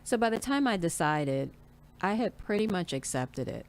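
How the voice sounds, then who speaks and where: A woman's voice: lowish voice, sing-song, normal speed, slight background noise. A woman in her forties chatting candidly as an interview guest, telling her story and acting out what people said to her. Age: 40s. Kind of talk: casual interview chat.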